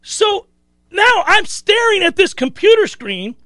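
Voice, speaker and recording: A man hosting a sports talk show, telling a story in a casual, animated way and acting out other people's lines. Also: very high-pitched, measured pace, no echo, studio quality. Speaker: sports radio host.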